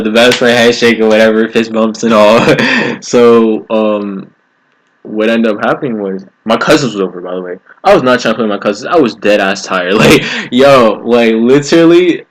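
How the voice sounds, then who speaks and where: Young guy, lowish voice, slangy storyteller who keeps laughing. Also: fairly bright tone, rough recording. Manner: slangy, laughs often while telling. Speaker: vlogger. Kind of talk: casual storytelling.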